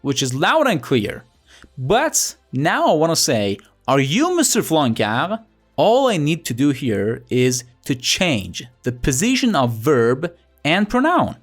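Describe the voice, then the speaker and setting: A man's voice: fairly high pitch, huge pitch swings, slow, faint music behind. A young man teaching a language lesson in a playful, chatty way, asking rhetorical questions. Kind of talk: scripted lesson narration.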